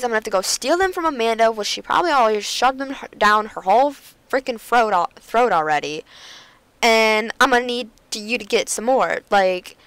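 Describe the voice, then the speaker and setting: A woman's voice: on the high side, fairly bright tone, smooth, dry recording, poor audio. A woman playing a dating game on stream, reading the text aloud and making jokey, dramatic asides with plenty of laughs. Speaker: gamer. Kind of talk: let's play commentary and reading.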